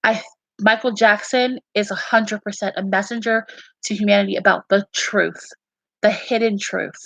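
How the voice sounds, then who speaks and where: A woman's voice: medium pitch, fairly even intonation, moderate pace, gravelly, a bit bright, no echo, poor audio. A woman talking earnestly and emphatically, repeating herself and restarting her sentences as she shares her beliefs and dreams. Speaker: fan sharing beliefs and dreams. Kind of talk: casual earnest talk.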